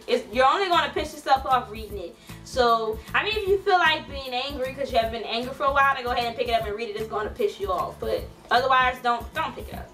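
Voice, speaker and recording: A woman's voice: a little high, pushed and bright, distant mic. A young woman giving a blunt, frustrated book review in a casual vlog, swearing freely and full of fillers.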